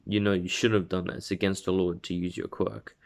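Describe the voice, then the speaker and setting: A man's voice: low voice, flat delivery, brisk, gravelly, darkish tone. A man voicing a grown male hero who questions and scolds a boy. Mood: stern.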